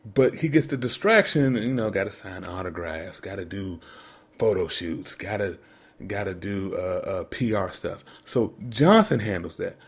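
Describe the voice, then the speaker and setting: A man's voice: low-pitched, expressive, unhurried, slightly rough. Man, podcast co-host, sarcastic, incredulous, casual commentary. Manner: mocking, incredulous, jokey. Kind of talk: casual sports commentary rant.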